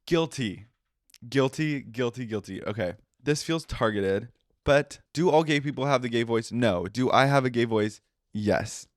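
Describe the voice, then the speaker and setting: A young podcast host with a medium-pitched, nasal voice chats casually at normal speed, hitting his words hard to convey feeling. He's emphatic and expressive, with plenty of laughing asides. The sound is dry and studio-clean.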